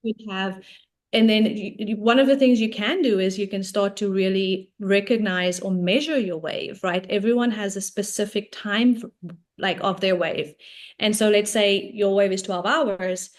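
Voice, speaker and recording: A woman's voice: mid-range voice, fairly even intonation, moderate pace. A woman coach, a guest on an interview show, explaining ideas in a casual, talkative way, often checking in with "right?".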